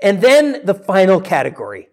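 A male preacher delivering a sermon in an animated storytelling manner. His voice sits fairly high for a man, and he often repeats and restarts phrases as he builds each point. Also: moderate pace. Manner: animated storytelling, acting out quoted dialogue.

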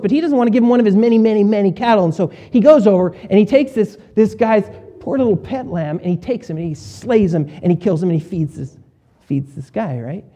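A male pastor preaches in a relaxed, conversational way, with a high voice and a mellow tone. He often acts out what his listeners might say and moves between quiet asides and louder emphasis. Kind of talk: sermon.

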